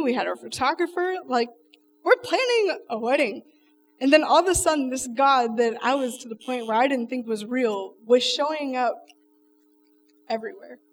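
A woman's voice: sits high, distant mic. A woman telling an emotional personal testimony, earnest and emphatic, speaking straight to the audience.

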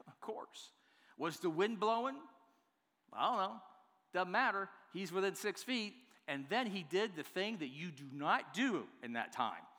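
Male pastor, sermon, lively pitch, bright forceful voice, hall reverb. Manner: dynamic preaching, swinging from hushed to loud.

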